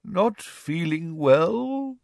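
Man playing an old ghostly teacher, dazed, absent-minded, very slow, drawn-out words, storybook figure. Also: fairly high pitch, expressive, vocal fry, a little mellow, no echo, clean studio sound, voice pushed up, heavily acted. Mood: hazy.

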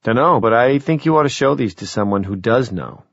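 A man's voice: mid-range voice, expressive, brisk, a bit bright, no room sound. A man voicing an earnest, persistent young adult daughter in an audiobook, coaxing and insistent, on a dry, dull-sounding recording.

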